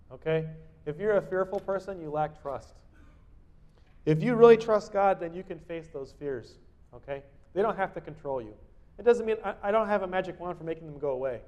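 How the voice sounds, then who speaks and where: A man with a slightly high voice delivers a devotional sermon. He reads scripture with a booming, deliberate force, then sinks to a near hush for personal reflection. His talk is conversational, full of tag questions and small restarts. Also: animated. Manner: reads verses loudly, then drops to quiet personal asides. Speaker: preacher.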